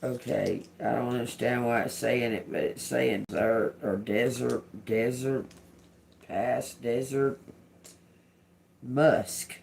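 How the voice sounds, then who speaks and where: Brief: male livestream psychic, gravelly, very slow, halting word-by-word delivery. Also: medium pitch, fairly even intonation, darkish tone, slight background noise. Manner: slow, halting, repeating single words aloud. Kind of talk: live spirit-box and card reading.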